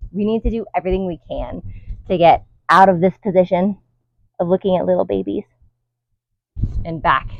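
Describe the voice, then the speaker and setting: Woman fitness instructor, slow steady counting, dry dull lo-fi sound. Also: fairly low pitch, dry recording. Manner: coaching and counting reps with light laughs. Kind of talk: guided workout instruction. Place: outdoors in the wind.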